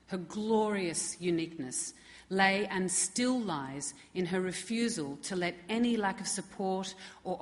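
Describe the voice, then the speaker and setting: A middle-aged woman presenting an award, giving a tribute speech with wry, self-deprecating asides at a podium microphone. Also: on the low side. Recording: long hall reverb.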